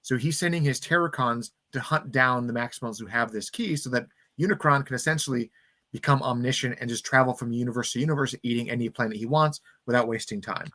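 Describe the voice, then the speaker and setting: A man's voice: medium pitch, sharp tone, dry recording. A man hosting a casual podcast, eagerly retelling a film's story and briefly acting out characters' lines. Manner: enthusiastic plot recap, acting out lines in quick voices. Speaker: podcast host.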